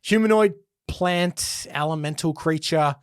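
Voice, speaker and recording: Male podcast host, relaxed and explanatory, dry close-miked sound. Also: fairly high pitch, measured pace, clear, resonant tone, no echo. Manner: explanatory, easygoing, laughs along. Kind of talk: casual chat.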